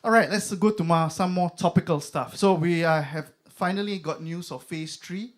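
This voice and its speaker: On stage for stand-up, the young Singaporean-accented man speaks at a moderate pace in a voice on the high side. He keeps it conversational and loose, full of fillers, with mock voices for certain bits.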